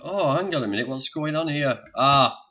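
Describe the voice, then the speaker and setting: Through dull lo-fi stream audio, an older man with a Northern English accent chats and jokes with viewers while troubleshooting technical problems. He speaks at medium pitch and normal speed, in a pushed, bright voice.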